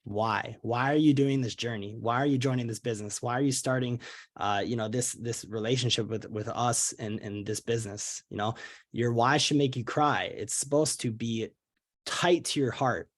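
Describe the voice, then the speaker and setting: A young man leading a motivational team training call, talking in an earnest, energetic way with many fillers and restarts. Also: mid-range voice, normal speed. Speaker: network marketing leader.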